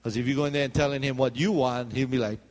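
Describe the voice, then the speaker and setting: A male pastor delivering a sermon. He jokes as he goes and keeps calling out for the congregation to answer him. His voice sits at a typical middle pitch. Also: fairly even intonation, fast, a little mellow, big-room sound. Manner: joking, calls out for "amen" responses.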